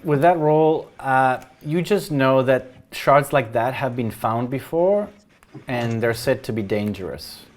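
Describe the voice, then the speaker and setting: Game master guy, mid-pitched voice, calm explaining. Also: takes it slowly. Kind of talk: narrating a tabletop game.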